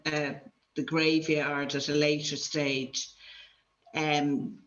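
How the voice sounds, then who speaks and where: A woman in an online group discussion, telling a story in a halting, hesitant way. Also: sits low, a bit bright. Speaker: group participant. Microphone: video call. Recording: echoey, dull video call audio.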